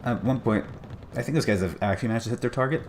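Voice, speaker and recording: A man's voice: mid-range voice, racing, darkish tone, slight background noise. A man casting a strategy game match with chatty, wry commentary and self-deprecating asides. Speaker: game caster.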